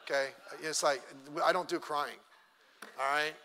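A man's voice: fairly high pitch, fairly even intonation, a little slow, pushed and bright. A middle-aged man, a pastor, teaching a church class in a chatty, self-deprecating way and acting out little quotes. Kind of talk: conversational sermon teaching. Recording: long church hall reverb.

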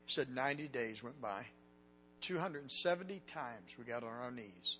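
A man preaching a sermon, telling a story with dramatic swings from hushed tones to loud cries. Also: medium pitch, lively intonation, moderate pace, in a large hall. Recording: dull lo-fi recording with faint hum.

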